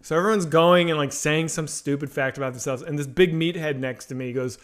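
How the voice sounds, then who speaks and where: A man's voice: fairly high pitch, a little fast, hardly any pauses. A man co-hosting a comedy stream, chatting casually and telling a funny story with lots of animation. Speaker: comedy show co-host.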